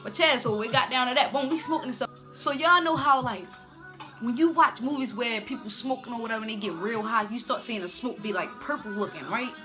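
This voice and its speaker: A young woman telling a casual storytime, animated and slangy, punctuating with "boom". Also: a little fast, faint music behind. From Baltimore.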